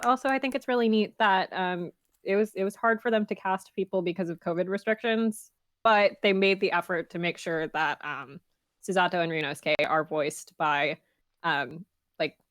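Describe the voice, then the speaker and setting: A woman's voice: on the low side, no echo, studio quality. A woman co-hosting a game stream, talking eagerly and casually with frequent fillers. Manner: enthusiastic, chatty, many "um" fillers. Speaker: co-host. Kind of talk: casual let's-play chat.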